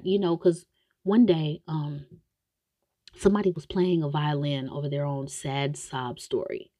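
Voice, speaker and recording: A woman casually retelling a story with comedy, slangy and animated, with many asides. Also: lowish voice, no room sound. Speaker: show recapper.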